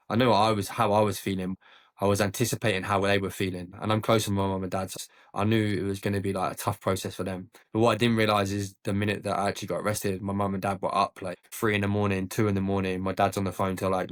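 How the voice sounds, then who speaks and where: A young man, a podcast guest retelling a hard personal story in casual talk, full of "like" fillers and emotion. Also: fairly low pitch.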